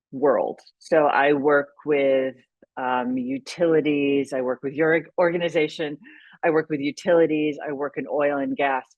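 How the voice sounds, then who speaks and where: Low-voiced woman explaining thoughtfully. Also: no room sound, narrow, tinny audio. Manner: thoughtful, explanatory, with frequent restarts. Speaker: podcast guest, leadership consultant. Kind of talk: conversational interview.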